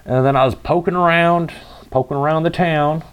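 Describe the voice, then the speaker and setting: A man's voice: a little high, fairly even intonation, normal speed, clear, resonant tone. A young man telling a rambling story in a casual vlog, cursing freely and acting out the dialogue. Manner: rambling, profane, acts out quoted dialogue. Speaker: vlogger.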